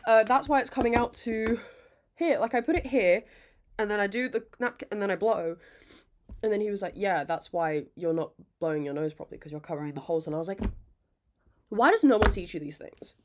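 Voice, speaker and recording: A young woman hosting a casual podcast, rambling, self-mocking and quick to laugh, swearing freely. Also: medium pitch, steady tone, a little mellow, a little hiss or hum. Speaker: podcast host. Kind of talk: casual chat.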